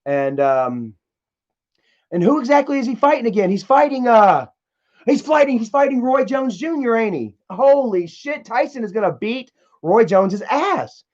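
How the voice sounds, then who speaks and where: Man, high voice, casual profane storytelling, live streamer, muffled lo-fi audio. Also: sing-song, normal speed. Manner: profane, rambling, laughs at his own stories.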